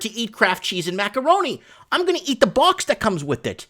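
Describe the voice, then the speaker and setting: A man hosting a casual livestream from a home studio, talking through chat messages in an excitable, rambling way. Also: high-pitched, a little fast. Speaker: livestream host.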